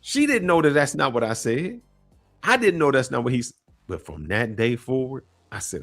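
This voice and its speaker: Animated slangy man telling a story. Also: mid-range voice, normal speed, soft background music. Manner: animated, slangy storyteller who acts out voices and laughs often. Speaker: podcast co-host telling a travel story. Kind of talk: casual storytelling chat.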